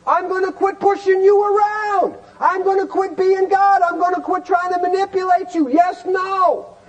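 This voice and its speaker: A man lecturing a recovery group with great energy, his voice pitched unusually high. He keeps asking the room rhetorical questions and breaks into shouts to drive points home. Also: fairly even intonation, moderate pace, dull audio. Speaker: recovery program speaker.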